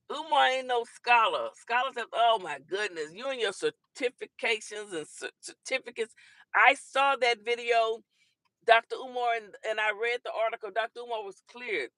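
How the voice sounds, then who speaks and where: A woman with a slightly high voice hosts a casual livestream talk show, chatting with commenters and teasing them in a laughing, animated way. The audio is studio quality with no echo.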